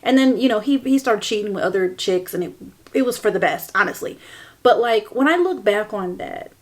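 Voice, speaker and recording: Brisk and expressive, this podcast host openly shares a personal story with her audience, frequently laughing as she recounts painful memories. Quiet, hushed passages alternate with louder, higher-pitched moments of emphasis.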